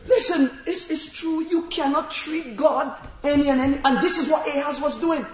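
High-voiced, impassioned male preacher in an echoey room. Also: normal speed, hardly any pauses. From immigrant to America. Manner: impassioned, often shouting, dramatizes Bible stories with quoted voices; repeatedly calls out "listen" to the congregation. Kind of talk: sermon. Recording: echoey, dull lo-fi sermon recording.

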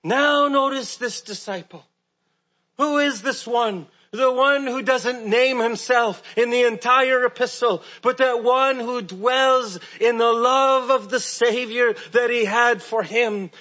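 A man preaching a sermon, earnest and asking rhetorical questions, often dropping soft and low at key words. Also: takes it slowly.

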